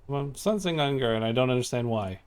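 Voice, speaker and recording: A man's voice: medium pitch, animated, fast talker, a little mellow, smooth. A young man giving chatty, giggly commentary while streaming a game and reading choices aloud. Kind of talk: casual gaming commentary.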